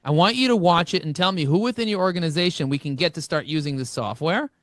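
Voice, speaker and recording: A man speaking as an interview guest, telling energetic stories and acting out both sides of conversations. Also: a little high, fast, no echo, studio quality. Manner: animated, acts out dialogue with shifting voices. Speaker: podcast guest, marketing expert.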